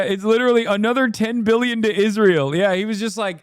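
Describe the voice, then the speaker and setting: A man's voice: high-pitched, steady tone, brisk, few pauses, clear, resonant tone, no echo, studio quality. A man streaming political commentary, ranting with profane, incredulous reactions.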